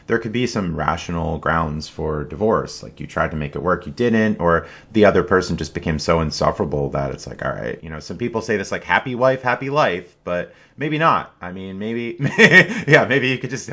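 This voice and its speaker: A man hosting a podcast in a relaxed conversational style, leaning on fillers like "you know" and "like". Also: deep voice, a little fast, hardly any pauses. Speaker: podcast host. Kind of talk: casual podcast talk.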